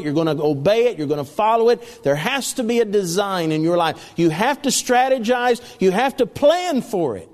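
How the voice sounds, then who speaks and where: A man's voice: sits high, big-room sound. A man preaching a sermon, reading scripture aloud and repeating key phrases with emphasis.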